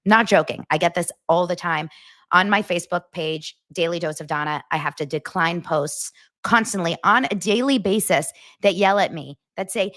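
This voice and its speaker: A woman hosting a podcast in blunt, animated, self-deprecating casual chat. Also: lowish voice, normal speed, dry recording, studio quality. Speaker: podcast host.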